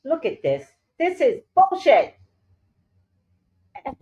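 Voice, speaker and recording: Brief: woman vlogger, casual chat, scolds the cat, swears a lot, swings from loud to muttered, animated and unhurried. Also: muffled recording. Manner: scolding a cat between remarks to viewers, frequent swearing; swings between loud exclamations and low muttering.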